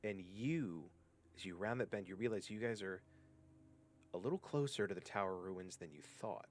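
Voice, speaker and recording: A man's voice: fairly low pitch, lively intonation, moderate pace, slight background noise. A man running a tabletop game as game master, narrating the scene in a descriptive way with some hesitant fillers.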